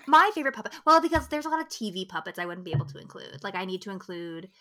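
A woman's voice: mid-range voice, fairly quick, sharp tone. A young woman co-hosting a podcast who chats casually and gushes with exuberant, profane enthusiasm. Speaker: podcast co-host. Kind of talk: casual chat.

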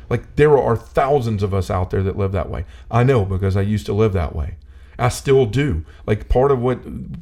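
Man, middle pitch, casual faith chat, earnest, preachy, filler-heavy. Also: mellow.

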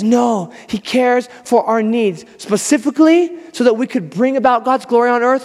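A man's voice: sits high, a little mellow. A man preaching a sermon in a casual, conversational way, acting out quoted lines as he goes. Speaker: pastor. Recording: long hall reverb.

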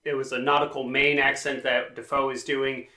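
A man co-hosting a casual movie podcast, laying out facts in a measured, explanatory way. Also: medium pitch, little pitch movement, bright, forceful tone, reverberant. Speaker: podcast co-host.

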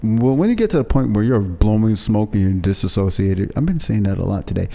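A man co-hosting a podcast in loose, animated conversation, often slipping into playful impressions. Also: on the low side, brisk, vocal fry, long reverb tail. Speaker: podcast co-host. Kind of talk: casual chat.

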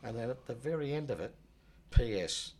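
A man telling a personal story in a rambling, halting way, often dropping low and quiet. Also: expressive, a little hiss or hum. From Australia. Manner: rambling, many restarts, low and subdued when recalling loss. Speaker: guest telling his life story. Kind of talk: casual spoken storytelling.

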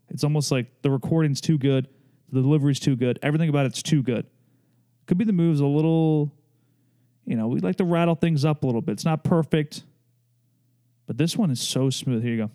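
Rambling young man, mellow voice. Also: on the high side, a little fast. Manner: loose, joking, rambling with many fillers. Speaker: podcast host. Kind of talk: casual chat.

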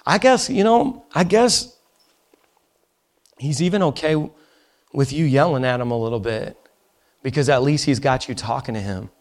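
A man preaching a sermon in a church, impassioned, dropping to a hush and rising to near shouts. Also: mid-range voice, expressive, moderate pace, long pauses. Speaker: pastor. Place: church auditorium.

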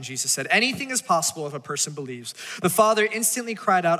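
A man's voice: high voice, lively intonation, a little fast, hardly any pauses, pushed and bright, big-room sound. A man preaching a sermon as a pastor, talking casually and acting out voices as he tells the story.

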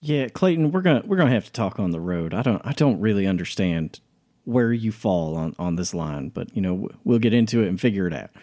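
A man's voice: lowish voice, animated, a little fast, warm tone. A man playing a tabletop game character, easygoing and drawling. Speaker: player.

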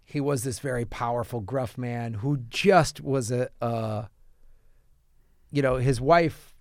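A man's voice: medium pitch, takes it slowly, darkish tone, no room sound, clean studio sound. A man co-hosting a podcast, chatting casually about films and telling rambling stories with many restarts. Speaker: podcast co-host. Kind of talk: casual film chat.

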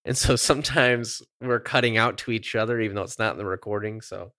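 A man's voice: on the low side, fairly quick, sharp tone. A man hosting a casual podcast, upbeat and chatty, laughing easily as he runs through the news. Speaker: podcast host.

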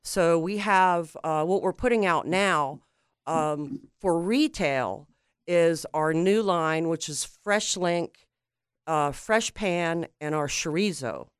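A woman guest on a radio talk show, explaining her company's products in a friendly, steady, sales-like way. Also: lowish voice, slow pace, clear, resonant tone, dry recording, studio quality. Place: radio studio.

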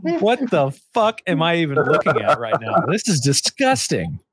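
A man co-hosting a casual chat show, reacting loudly and swearing often. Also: a little high, big pitch swings, normal speed. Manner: profane, exclaiming, laughing often. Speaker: co-host.

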